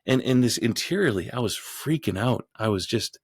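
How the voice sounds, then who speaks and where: A man who is a podcast guest, telling a story in a rambling way with frequent restarts and growing animated as he goes. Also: mid-range voice, moderate pace, slightly rough, no room sound, clean studio sound. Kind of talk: storytelling in an interview.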